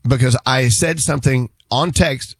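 A man's voice: mid-range voice, normal speed, husky, dry recording. A man hosting a morning radio show, chatting playfully with a caller and laughing often. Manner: playful, laughs often, reads texts aloud. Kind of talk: casual radio banter.

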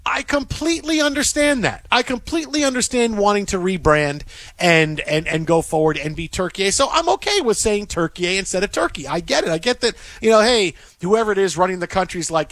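A man hosting sports radio with a high, lively voice that bounces all over in playful banter. The sound is dry and close to the studio mic. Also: a little fast, no echo. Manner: animated, playful, laughs often. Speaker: radio sports show host. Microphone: studio microphone.

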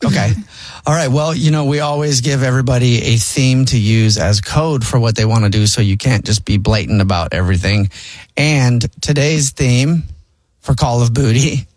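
A man hosting a radio show, upbeat and quick to laugh as he sets up a phone segment. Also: medium pitch, a little mellow, no room sound. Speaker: radio host. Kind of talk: morning radio banter. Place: radio studio.

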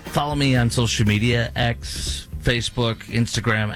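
A man's voice: lowish voice, normal speed, a bit bright, rough recording. A man filling in as host of a talk radio show, delivering an indignant, sarcastic political monologue from a studio.

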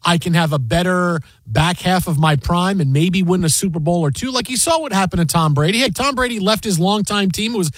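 A high-pitched man hosting sports talk radio, chatting casually and getting animated as he tells stories. His voice sits close and dry on the studio mic, with no room sound around it. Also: a little fast, few pauses, no room sound. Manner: animated storyteller, loud sing-song impressions.

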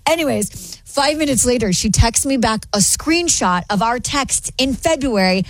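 A woman's voice: on the high side, normal speed, no echo. A woman in her thirties co-hosting a radio show, telling a story with lots of laughter and acted-out quotes. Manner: animated, laughs often, acts out quotes. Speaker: radio co-host. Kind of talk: casual chat, storytelling.

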